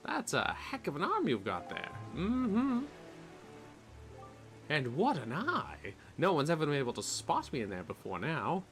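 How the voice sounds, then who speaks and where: A man's voice: fairly high pitch, wildly swooping pitch, a little slow, a bit bright, faint music behind, voice pushed up, heavily acted. A man voicing a cheerful, boastful male wind spirit while reading game dialogue aloud in a playful, theatrical voice.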